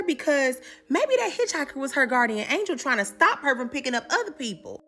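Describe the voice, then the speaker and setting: A woman's voice: high voice, huge pitch swings, fairly quick, fairly bright tone, faint music behind. A woman giving a casual comedic recap, sassy and slangy, talking straight to her viewers.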